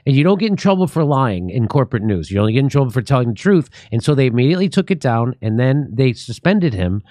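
A man's voice: mid-range voice, big pitch swings, fast, mellow, dry recording, clean studio sound. A man hosting a comedic political commentary show, ranting sarcastically with profanity. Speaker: show host.

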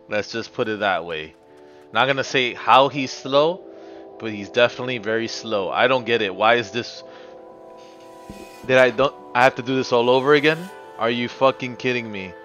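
Casting: male streamer, middle pitch, foul-mouthed and ranting at chat, quiet music bed underneath. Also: muffled recording. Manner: profane, ranting, talks to chat. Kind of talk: live gameplay commentary.

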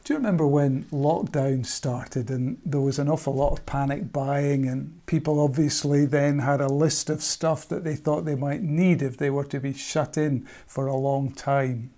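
A man, a minister, reading scripture and preaching a sermon in a measured, reflective way, posing questions to listeners. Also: mid-range voice, fairly even intonation, mellow.

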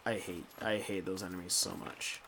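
A young gameplay commentator offers casual let's play talk in a low-pitched voice at a moderate pace, over very noisy audio. He rambles, swears freely, and talks to the screen, muttering quietly before erupting into loud, excited outbursts.

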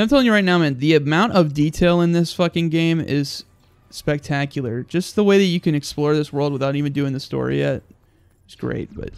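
A young man with a slightly high voice, clean tone, and dry recording hosts a gaming video. His gameplay commentary is crude and joking, with frequent swearing and mock anger played for laughs.

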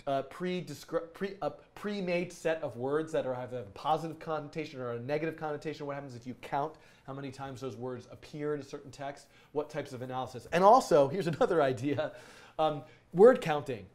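A man's voice: a little high, fairly quick, few pauses. A man teaching a casual programming video lesson, enthusiastic and rambling, with frequent fillers and restarts. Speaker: coding instructor.

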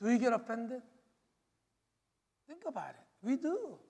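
High-voiced pastor in a reverberant hall. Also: male voice, big pitch swings, measured pace, warm tone. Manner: emphatic, repeats phrases, frequent "you know". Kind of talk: sermon. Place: church sanctuary.

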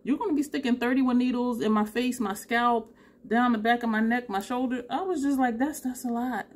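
A tired woman, telling a story to camera in a chatty way, laughing often and acting out both sides of the conversation. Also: medium pitch. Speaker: beauty vlogger.

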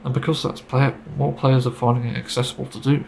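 A man's voice: medium pitch, level tone, fast, vocal fry, darkish tone, a little hiss or hum, rough recording. A man giving a casual, rambling opinion monologue about a game, getting frustrated and swearing casually. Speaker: gaming video creator.

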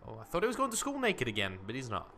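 A man's voice: medium pitch, huge pitch swings, rapid-fire, pushed and bright, a little hiss or hum. A young man casually commenting on his life-simulation game, chatting to his character as he plays. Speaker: gaming commentator. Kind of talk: casual let's-play commentary. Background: game music.

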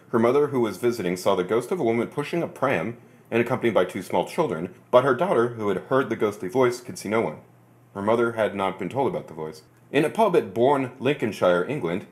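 A man hosting a podcast, reading articles aloud in a steady, measured way and breaking off for quick low asides.

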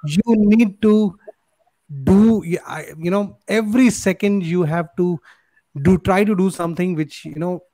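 A man's voice: high-pitched, measured pace, mellow, dry recording. A man hosting over a video call, earnest, repeating phrases for emphasis. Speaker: host. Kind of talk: casual chat.

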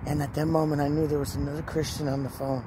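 A woman speaks by a truck outdoors, sharing a personal Christian testimony. Her delivery is earnest and emotional, building into pressing questions aimed at the listener. Traffic and outdoor noise run clearly underneath her voice. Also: deep voice, flat delivery, quick pace. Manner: emotional, earnest, rising into urgent rhetorical questions. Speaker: Christian vlogger. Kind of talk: personal faith testimony and preaching. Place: in or beside a parked truck outdoors.

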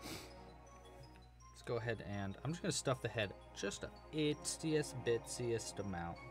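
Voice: medium pitch, lively intonation, takes it slowly, music in the background. A crochet teacher hosting a casual live crochet-along, chatty and enthusiastic, rambling a bit with restarts. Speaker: crochet teacher and livestream host.

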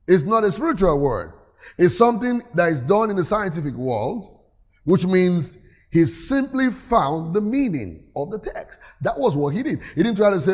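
This pastor's voice sits high, with a breathy edge and a very animated, moderately paced delivery. Preaching in church, he reads scripture out loud and calls on the congregation to respond to him.

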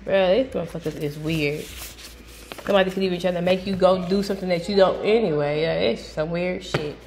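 A woman giving a casual tarot reading from home, blunt and profane, breaking into loud sudden outbursts. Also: fairly low pitch, a little fast, gravelly, slight background noise. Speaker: tarot reader.

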